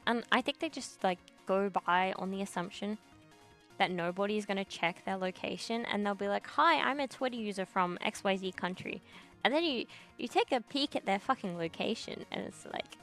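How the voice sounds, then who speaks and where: A young woman talks straight to her viewers, blunt and full of curse words and slang. Her voice sits at an ordinary middle pitch. Soft music plays faintly underneath. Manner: blunt, heavy swearing, slangy "bro". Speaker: streamer reading chat. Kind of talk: casual ranting chat.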